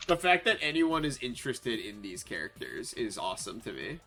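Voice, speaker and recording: A man hosting a livestream in casual chat, animated and profane, laughing often and restarting his sentences. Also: mid-range voice, fairly quick, faint music behind. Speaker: streamer, host.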